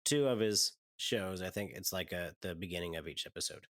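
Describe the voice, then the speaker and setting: A man's voice: deep voice, fairly quick, fairly bright tone, no echo. A man chatting as a podcast guest, hesitant and trailing off with frequent ums. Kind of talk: casual chat.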